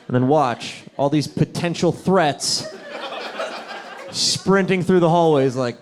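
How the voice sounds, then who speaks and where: A male stand-up comedian from New Jersey, brash and profane, jumping into loud shouted bits on stage before a live audience. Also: a little high, slow pace, background noise. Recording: live club set with crowd laughter.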